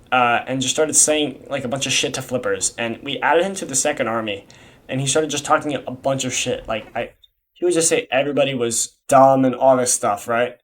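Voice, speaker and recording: A young man giving casual, rambling commentary for his video, slangy and swearing often. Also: mid-range voice. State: has the hiccups. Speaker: YouTube creator explaining a community iceberg.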